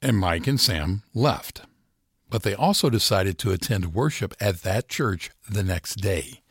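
A male reporter narrating a news feature in a measured, scripted storytelling delivery. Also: lowish voice, lively intonation, husky, dry recording, clean studio sound.

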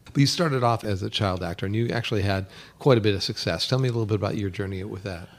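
A man's voice: fairly low pitch, quick pace. A man hosting a podcast, asking questions in a casual, teasing way. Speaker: podcast host. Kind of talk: casual interview chat.

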